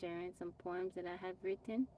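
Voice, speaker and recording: With a warm, lowish voice and a steady, brisk delivery, she runs a casual phone livestream from her off-grid Texas home, over slight background noise. She greets viewers by name and waves off trolls plainly.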